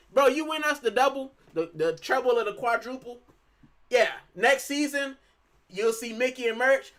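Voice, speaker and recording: This UK-based host from Puerto Rico runs a football fan channel, full of fillers and "bro" in his lively, casual talk. He speaks in a high, pushed, bright voice.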